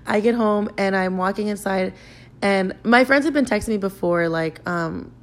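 A woman's voice: medium pitch, moderate pace. A young woman podcast host casually telling a profane, rambling story, filling her talk with "like". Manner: profane, rambling, heavy use of "like".

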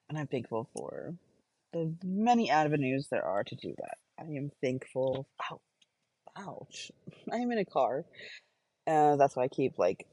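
A woman's voice: deep voice, mellow, dry recording, muffled recording. A woman recording a casual stream-of-consciousness audio journal on a phone voice recorder while sitting in a car, chatting along with many fillers and self-corrections. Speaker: podcast host.

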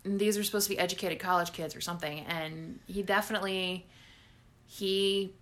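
Woman, casual chat, bright sharp tone, agreeable, adds short remarks. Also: on the low side, fairly even intonation, brisk.

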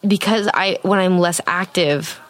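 A woman's voice: fairly low pitch, a little slow, a bit bright, no room sound. Giggly, chatty woman podcast host. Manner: giggly, chatty, frequent laughs. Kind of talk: candid casual chat.

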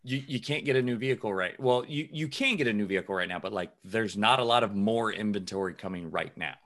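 Speaking fast in a fairly low, slightly bright voice, a man co-hosts a podcast. The chat is casual and rambling, packed with fillers, and he laughs often.

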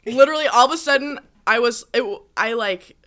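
A woman's voice: a little high, brisk, fairly bright tone. Chatty twenties woman telling a story. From United States. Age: 20s. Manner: rambling storyteller, lots of fillers and laughs. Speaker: teacher. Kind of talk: casual chat.

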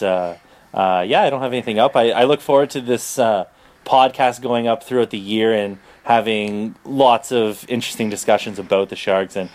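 Laid-back Canadian man, low voice. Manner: laid-back, self-deprecating, many fillers. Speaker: podcast co-host. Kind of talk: casual chat.

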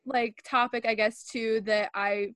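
A woman's voice: on the high side, fairly even intonation, unhurried, fairly bright tone, no room sound. A woman with a Northern American accent, hosting a podcast in a bubbly, giggly way, full of fillers. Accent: Northern American English. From northern United States. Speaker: podcast host. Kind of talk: casual podcast chat.

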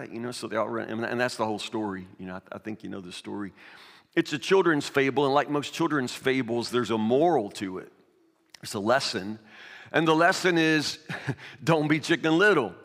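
A man's voice: mid-range voice, a little fast, vocal fry, a bit bright. A man preaching a sermon, first reading scripture aloud, then telling a children's fable in a loose, repetitive way. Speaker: pastor. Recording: long reverb of a hall.

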